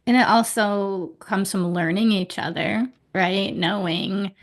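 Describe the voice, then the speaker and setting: A woman's voice: medium pitch, fairly even intonation, slow. Easygoing woman life coach. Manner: easygoing and conversational, with many "like"s. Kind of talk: casual chat.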